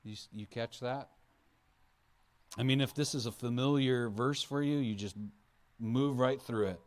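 Male pastor, sermon, chatty delivery, checks in with the crowd, mid-pitched voice. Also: a little slow. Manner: conversational, asks the audience questions; acts out Bible figures in playful voices.

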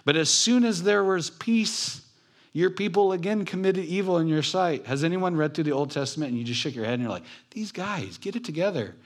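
A man's voice: a little high, a little fast. Conversational male pastor preaching. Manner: conversational, joking with the congregation. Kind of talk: sermon. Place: church building.

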